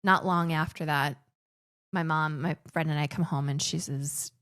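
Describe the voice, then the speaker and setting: A woman's voice: deep voice, steady tone, moderate pace, a bit bright, dry recording, clean studio sound. A woman in her forties, raised in the Philippines, telling personal stories as a podcast guest in a chatty way, often restarting her sentences. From grew up in the Philippines. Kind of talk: casual conversational storytelling.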